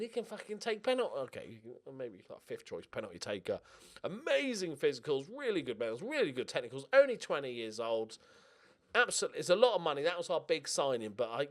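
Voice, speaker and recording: A man's voice: a little high, very animated, brisk. A young man hosting a gaming channel, talking through his game in casual, jokey let's-play commentary and swearing now and then.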